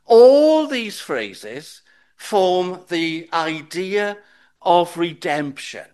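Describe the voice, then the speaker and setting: A man preaching a Sunday sermon, with measured, emphatic repetition. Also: sits high, very animated, darkish tone, clear, resonant tone.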